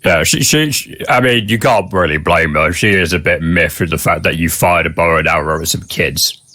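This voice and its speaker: A man's voice: deep voice, moderate pace, sharp tone, dry recording. A man playing a tabletop game, talking in a blunt, dry way. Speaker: player.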